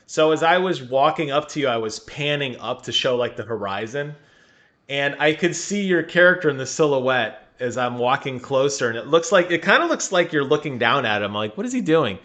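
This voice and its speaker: A young man co-hosting a gaming podcast, telling a story in an animated way and laughing often. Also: mid-range voice, normal speed. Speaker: podcast co-host. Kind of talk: casual chat.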